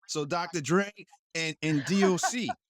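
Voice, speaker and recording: A man's voice: fairly high pitch, unhurried. A man who is a guest actor, telling a story in casual chat and animatedly acting out the voices he quotes. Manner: animated, acts out quoted voices, laughs often.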